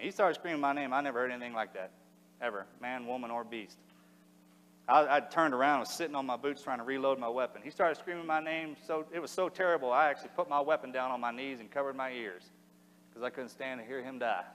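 A middle-aged man telling a war story to an audience in a plain, halting way, his voice sinking low and quiet at the hardest parts. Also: steady tone. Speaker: speaker giving a talk. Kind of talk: recounting a combat story to an audience. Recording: long hall reverb.

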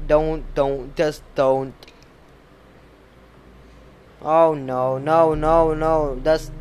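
A young man filming a reaction vlog, excitable and jumpy, with frequent shrieks and nervous laughter into a desk mic. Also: medium pitch, takes it slowly, pauses often, clean tone. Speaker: reaction video creator. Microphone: desk mic with headphones.

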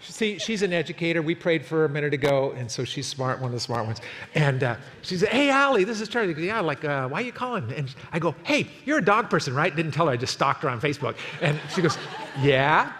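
Pastor, man in his sixties, animated sermon storyteller, voice sits a little high, long church reverb. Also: quick pace. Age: 60s. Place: church sanctuary. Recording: long hall reverb, faint noise.

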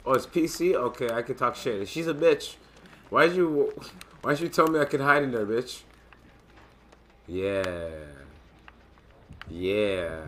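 A man casually commentating his gameplay, excitable and joking, with loud profane outbursts. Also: medium pitch, unhurried, pauses often, slight background noise. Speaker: gamer and channel host.

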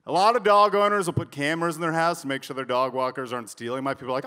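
Brash, profane young stand-up comedian. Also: male voice, fairly high pitch, quick pace, long reverb tail, slight background noise. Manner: brash, profane, animated storytelling. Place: comedy club stage.

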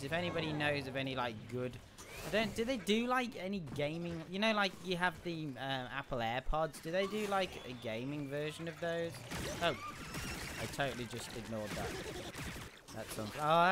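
An excitable man chatting through a live game session in a slightly high, lively voice. He mutters sing-song to himself between his comments. Game sounds play clearly behind him through a desk mic. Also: noisy background. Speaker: gaming livestreamer. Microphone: desk mic, no headset.

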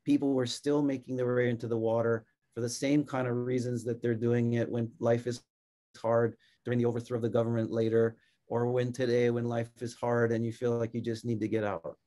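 A man from Hawaii giving a conversational slide lecture as a guest historian, relaxed, often checking in with a quick question. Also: mid-range voice. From Hilo, Hawaii. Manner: relaxed, frequent tag questions. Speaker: guest speaker, surf historian.

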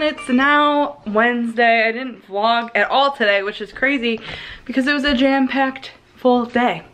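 A woman's voice: a little high, unhurried, fairly bright tone. Chatty young woman vlogging. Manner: chatty, rambling, lots of fillers. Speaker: vlogger, bride-to-be. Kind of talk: casual vlog chat. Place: car, then home. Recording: background noise.

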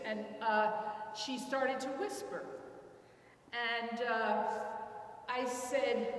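Older lady telling a story at a talk, high voice, kinda halting, roomy hall sound far from the mic. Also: fairly even intonation, a bit bright. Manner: earnest, halting with repeated words. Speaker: invited speaker. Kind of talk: personal story in a public talk.

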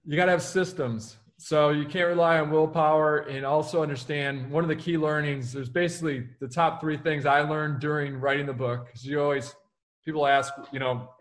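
A man, an author and keynote speaker, talks through his ideas in an interview. His voice sits a little high for a man, and his delivery is energetic and punchy. He acts out the lines he quotes. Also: brisk. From United States. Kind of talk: interview answers, motivational.

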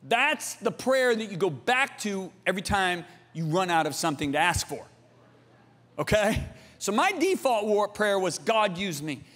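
A preacher in his sixties, with a high, ringing voice, big pitch swings, and a moderate pace, gives a sermon that echoes with the long reverb of a large church hall. He tells his story, addresses the congregation directly, and ranges from loud appeals to near-hushed moments.

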